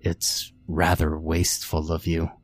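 A man voicing a weak, half-formed flesh creature that speaks in a quiet, harsh, barking, creaking growl. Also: rumbling low, monotone, measured pace, pitched below the performer's own voice. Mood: weary.

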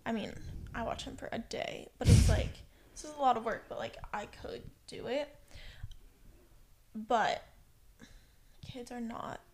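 A woman's voice: fairly high pitch, a little slow, pauses often, a little mellow, slightly rough. A young woman in casual chat, rambling with many fillers.

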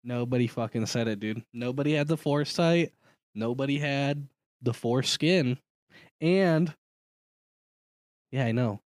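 A man's voice: mid-range voice, a little slow, long pauses, a little mellow, dry recording, studio quality. A man co-hosting a podcast in casual chat, ranting with plenty of swearing and laughter. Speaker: podcast co-host.

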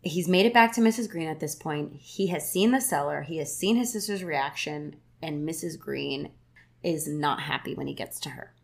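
A woman with a slightly low voice tells a story on a casual podcast. She talks in a chatty way, dropping "like" often and switching into livelier voices for the characters. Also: moderate pace, gravelly. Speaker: podcast co-host retelling a film plot.

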